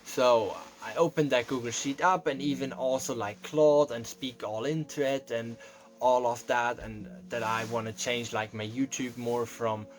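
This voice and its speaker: A man's voice: medium pitch, fairly even intonation, unhurried. A young man telling a confessional story, rambling and emotional, close to tears and swearing often. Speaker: vlogger. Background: faint background music.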